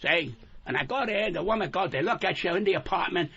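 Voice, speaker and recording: An older man, a guest comedian, ranting loudly and profanely in a studio, on a muffled radio broadcast. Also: high-pitched, lively intonation, quick pace, slightly rough. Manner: loud, yelling, profane, combative. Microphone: studio microphone.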